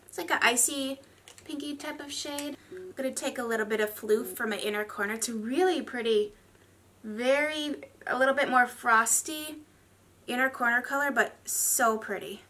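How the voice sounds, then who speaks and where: Woman beauty vlogger, bright and a touch high, candid rambly chat at home. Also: normal speed. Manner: chatty, candid, rambling with fillers. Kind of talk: casual get-ready-with-me chat.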